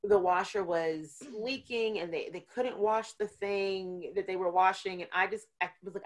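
A woman co-hosting a podcast, telling everyday stories in a casual, animated way and acting out her own quotes. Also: medium pitch, moderate pace, hardly any pauses. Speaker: podcast co-host. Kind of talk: casual chat.

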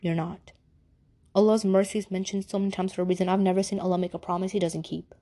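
A woman's voice: mid-range voice, flat delivery, fast talker, mellow. A young woman hosting a personal faith podcast, talking earnestly in casual slang. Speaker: podcast host.

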